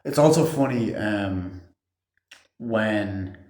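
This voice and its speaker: A man with a fairly low voice recaps a film in a loose, rambling way, swearing often and leaning on fillers like "like" and "you know." The sound bounces around an echoey room. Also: lively intonation, very slow, darkish tone. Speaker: movie reviewer. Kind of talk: casual spoken film review.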